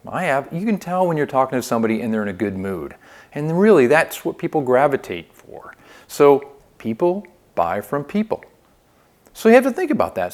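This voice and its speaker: A man teaching a phone sales training lesson, upbeat and coaching, often checking in with "okay?". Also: on the high side. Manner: upbeat coaching, lively inflection, frequent "okay?" check-ins.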